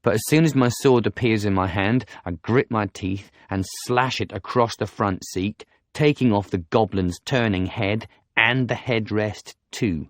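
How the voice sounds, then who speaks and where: A man reading a novel aloud as an audiobook narrator, in steady first-person storytelling. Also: lowish voice, measured pace, no room sound, clean studio sound.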